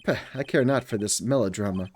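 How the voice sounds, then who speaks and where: A man's voice: medium pitch, a little fast, darkish tone, slightly rough, voice pushed down, natural voice. A man voicing a stern, arrogant older prosecutor who speaks in cold commands. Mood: commanding.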